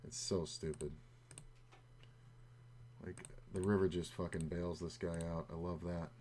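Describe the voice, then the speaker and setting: Low-voiced man talking through poker hands. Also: little pitch movement, unhurried, dark tone. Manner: muttering, frustrated asides at the table. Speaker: poker streamer. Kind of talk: casual poker commentary and chat. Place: home room at a computer. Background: faint hum and keyboard clicks.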